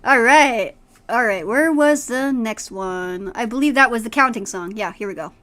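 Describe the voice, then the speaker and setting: A woman's voice: a little high, moderate pace, a bit bright. A woman streamer reading a horror story aloud with dramatic delivery, then chatting casually with a friend.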